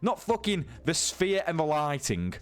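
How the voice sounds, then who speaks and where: A man's voice: a little high, big pitch swings, unhurried, faint music behind. A man giving a casual, incredulous and sweary rant as a sports news YouTuber.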